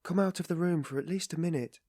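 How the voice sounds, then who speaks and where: A man voicing an earnest young woman, a firm but gentle sister, in a raised, restrained voice. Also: a little high, fast, no room sound, studio quality, pitched above the performer's own voice, lightly acted. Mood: earnest concern.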